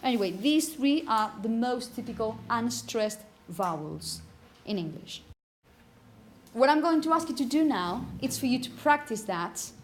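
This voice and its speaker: Female teacher, slightly high pitch, patient classroom delivery, calls on students and checks in often, faint background hiss. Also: lively intonation. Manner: patient, checks in with "okay?" and repeats words slowly. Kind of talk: classroom phonetics lesson.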